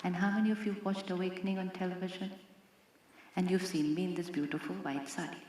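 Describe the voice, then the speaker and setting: A woman's voice: on the low side, fairly even intonation, fast talker, darkish tone, slight background noise. A woman from India with an Indian accent, giving a spiritual talk to a live audience and asking them many rhetorical questions. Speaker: spiritual teacher. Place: large hall with an audience. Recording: very echoey hall.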